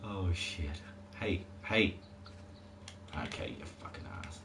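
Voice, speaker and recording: Low-voiced man rambling through a game stream. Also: slow pace, heavy background noise. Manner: rambling, chuckles often, swears at the game. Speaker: gaming live streamer. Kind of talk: casual live-stream chat while playing.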